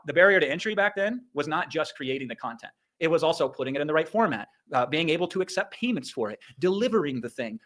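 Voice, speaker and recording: With a voice a little high, a middle-aged Iowa man works as an online business coach on a livestream. His motivational talk is high-energy and emphatic, full of profanity and sound effects.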